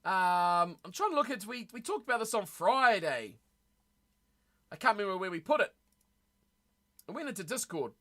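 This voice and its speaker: A woman's voice: mid-range voice, big pitch swings, normal speed, pauses often, fairly bright tone. A woman streamer chatting casually with her live chat, blunt and opinionated, often losing her train of thought.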